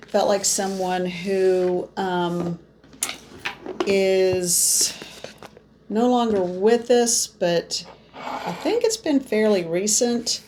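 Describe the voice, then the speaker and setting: A woman's voice: mid-range voice, a little mellow, slight background noise. A woman psychic reader talking viewers through a card reading, musing aloud as she lays out cards. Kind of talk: spoken tarot reading to viewers.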